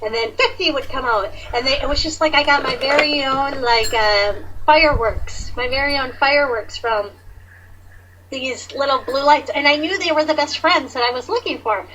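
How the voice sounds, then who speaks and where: Woman, animated storyteller, bright, slightly high voice, faint hiss behind. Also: moderate pace, dull audio. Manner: chatty, animated storyteller with many fillers. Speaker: guest sharing awakening story. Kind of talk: casual conversation.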